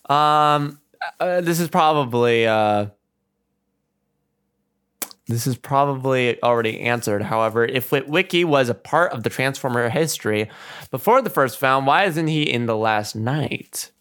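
A man's voice: medium pitch, measured pace, long pauses, fairly bright tone, smooth. A man hosting a casual movie discussion, reading through his notes with frequent chuckles. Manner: reads from notes, chuckles often.

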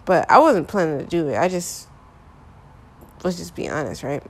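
A woman's voice: lowish voice, expressive, moderate pace, breathy edge. A young woman talking candidly about her relationships in a casual, frank monologue full of filler phrases.

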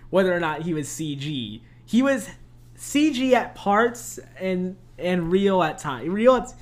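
A young man co-hosting a podcast, chatting casually about a movie, animated and laughing often. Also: high voice, a little slow. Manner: animated, laughs often, quotes lines in funny voices. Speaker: podcast co-host. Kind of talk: casual movie review chat.

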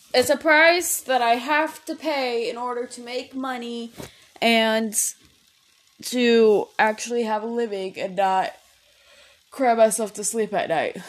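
A young woman talks casually into her podcast, looping through "um" and "like" and dropping swear words. Her pitch sits in the middle of the usual range. She sounds a little distracted, as if doing something else while she talks. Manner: rambling, swears freely, many fillers and restarts. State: headache, distracted while playing a game. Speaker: podcast host. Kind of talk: casual chat.

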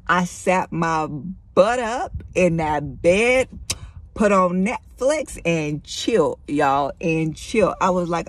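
A woman's voice: fairly low pitch, lively intonation, slow. A middle-aged woman speaking candidly and conversationally to her listeners, sharing a personal faith testimony. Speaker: Christian vlogger.

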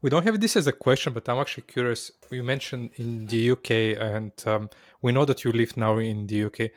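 A man's voice: medium pitch, brisk, no room sound. A man hosting an interview, asking curious, friendly questions in casual speech with some fillers. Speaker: interview host.

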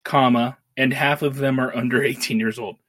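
A man in casual conversation as a podcast co-host, playful and quick to laugh. His voice sits in an average pitch range. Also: steady tone, fairly bright tone. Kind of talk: casual chat.

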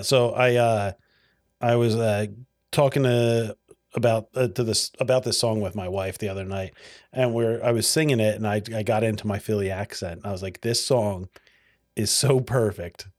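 A man's voice: lowish voice, fairly even intonation, moderate pace, no echo, clean studio sound. A man co-hosting a podcast in casual chat, talking loosely and rambling, often restarting his sentences. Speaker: podcast co-host.

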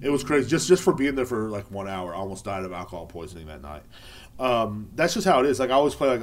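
A man's voice: fairly low pitch, big pitch swings, fast talker. A man hosting a casual solo podcast, rambling, swearing often and turning sarcastic. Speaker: podcast host.

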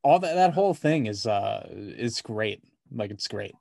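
A man's voice: on the low side, lively intonation, a little slow, creaky, mellow, dry recording. A man co-hosting a podcast, chatting casually about a movie, rambling with lots of "like" and swearing freely. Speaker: podcast co-host.

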